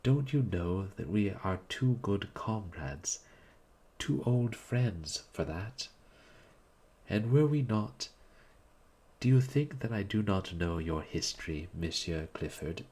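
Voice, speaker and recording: Man reading as a candid, teasing young woman, voice raised somewhat, mellow and slow. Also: lowish voice, expressive, husky, pitched above the performer's own voice, full character voice. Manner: candid, mocking, then earnest.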